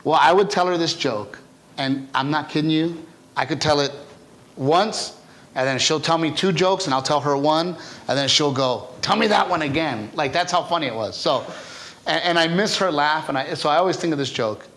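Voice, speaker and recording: Chatty man with a higher voice. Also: normal speed. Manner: animated, chatty, tags lines with "right?". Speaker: stand-up comedian guest. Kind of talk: casual interview storytelling.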